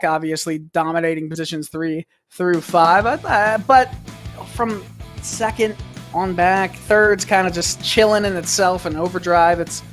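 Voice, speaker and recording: A man's voice: sits high, fairly bright tone. A man giving color commentary on an online race, chatty and rambling, often laughing. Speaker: sim racing color commentator.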